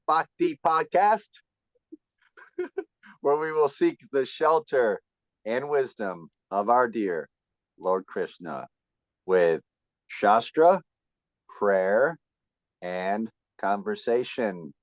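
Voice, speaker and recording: A man's voice: lowish voice, expressive, very slow, pauses often, no room sound, low-quality recording. A young man hosting a casual podcast from home, upbeat and laughing often, sometimes stumbling over his words. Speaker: podcast host.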